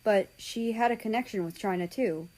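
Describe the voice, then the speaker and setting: A woman reading a fan story aloud in slow, measured narration. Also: medium pitch, a little mellow, poor audio. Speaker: story reader.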